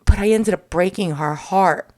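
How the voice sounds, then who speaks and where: A woman in her forties telling her own story in a candid monologue, halting and emotional, with many pauses and fillers. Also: medium pitch, a little mellow. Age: 40s.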